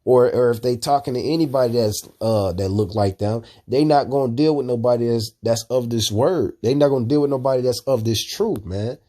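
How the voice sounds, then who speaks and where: A man's voice: medium pitch, fairly quick, few pauses, dark tone. Preachy man ending lines with "man". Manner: repetitive, ends phrases with "man". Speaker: commentator reacting to video. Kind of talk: preaching commentary.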